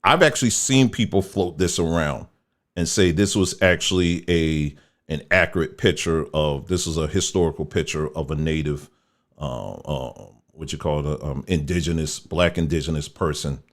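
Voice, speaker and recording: Low-voiced man giving casual commentary. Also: normal speed. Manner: conversational, folksy, mocks others in quoted voices. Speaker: host. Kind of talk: casual commentary on pictures shown on screen.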